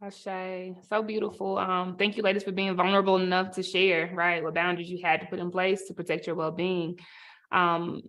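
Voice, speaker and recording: A woman moderating an online panel, calm and measured, with soft affirmations between speakers. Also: lowish voice.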